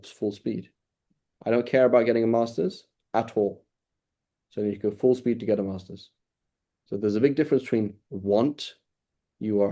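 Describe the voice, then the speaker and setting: A man with a lowish, mellow voice teaches a class in a loose, conversational way. He circles back on his points, repeats phrases for emphasis and keeps checking in with his listeners by asking "right?" after his points. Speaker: religious teacher. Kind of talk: informal classroom lecture.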